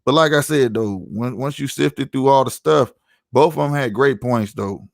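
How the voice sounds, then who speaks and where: A man's voice: medium pitch, normal speed, vocal fry, no echo, clean studio sound. Slangy St. man chatting on a podcast. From St. Louis, USA. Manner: slangy, storytelling, lots of "you know what I'm saying". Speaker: podcast host. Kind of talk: casual podcast chat.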